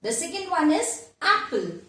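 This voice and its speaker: A woman teaching a grammar lesson to children, repeating each word slowly several times. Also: very high voice, very animated, pushed and bright. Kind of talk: slow classroom lesson for children. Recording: very echoey room, voice from far off.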